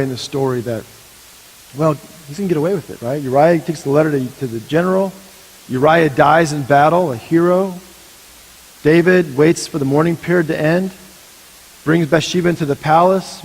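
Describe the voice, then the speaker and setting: A man pastor preaching a sermon, telling a story dramatically and dropping to a hush for emphasis. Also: mid-range voice, slight background noise. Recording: long reverb of a large hall.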